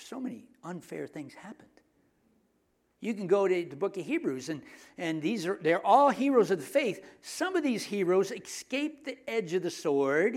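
A middle-aged man preaching a sermon in a conversational, joking way, often dropping his voice to hushed asides. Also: high-pitched. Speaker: pastor.

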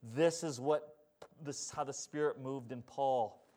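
A man preaching a sermon as pastor, swinging from loud urgent passages to quiet earnest ones and calling out to the congregation for responses. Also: mid-range voice, unhurried.

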